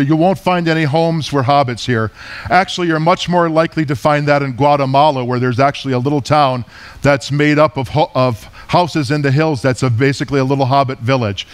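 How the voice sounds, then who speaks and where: Chatty man giving a light travel lecture. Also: on the high side. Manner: chatty, jokey, self-correcting. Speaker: culture lecturer. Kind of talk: casual travel lecture with storytelling.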